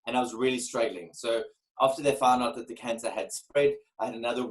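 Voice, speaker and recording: A man in his forties telling a candid personal story as a podcast guest, earnest and animated, often repeating words as he starts a phrase. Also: medium pitch, fast, poor audio. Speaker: guest, keynote speaker.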